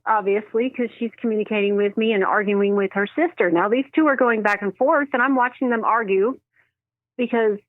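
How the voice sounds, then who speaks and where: Medium lady telling stories on the phone, lively, does voices, laughs a lot, sounds thin and dry. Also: fairly high pitch, no echo. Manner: animated, acts out quoted voices, laughs often. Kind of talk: storytelling in a phone interview. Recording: dry tinny phone line.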